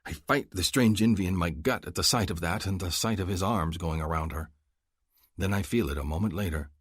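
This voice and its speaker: A man narrating a romance audiobook in the first person, measured and earnest. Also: deep voice, breathy edge, no echo, clean studio sound.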